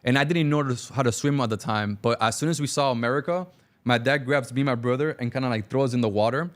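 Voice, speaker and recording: A young Cuban man with a mid-range voice tells his life story as a talk-show guest, speaking fast and animatedly while acting out dialogue in casual storytelling.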